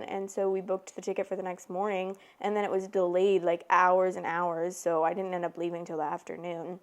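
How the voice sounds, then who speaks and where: A woman in her twenties, hosting a podcast, telling a personal story in casual chat, full of "like" and lively retold dialogue. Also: medium pitch, normal speed. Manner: chatty, frequent "like", animated retellings. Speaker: podcast host.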